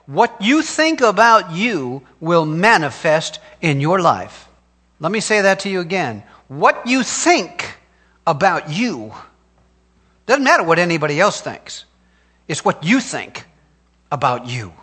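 A middle-aged man preaching with emphatic call-and-response. His voice sits high and swings widely in pitch, with a bright, forceful edge. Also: sing-song, measured pace. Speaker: pastor. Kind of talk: sermon.

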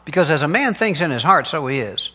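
Emphatic high-voiced preaching man. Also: sing-song, quick pace, pushed and bright, husky. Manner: emphatic, call-and-response preaching. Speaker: pastor. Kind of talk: sermon.

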